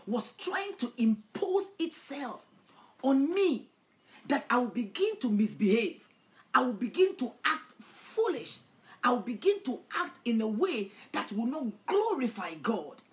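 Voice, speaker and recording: A woman preacher giving a dramatic sermon, swinging from hushed storytelling to loud declarations. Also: fairly high pitch.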